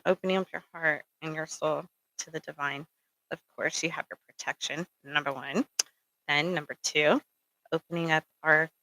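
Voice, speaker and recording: A woman's voice: on the low side, a bit bright, poor audio. A middle-aged woman giving rambling, casual spiritual advice, full of ums and checking in with "okay?". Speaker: spiritual speaker.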